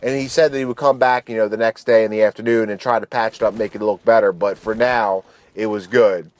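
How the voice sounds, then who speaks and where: This thirty-something channel host has a lowish voice and talks fairly quickly as he spins a laid-back story over gameplay. His delivery is slangy and full of swearing, with frequent restarts.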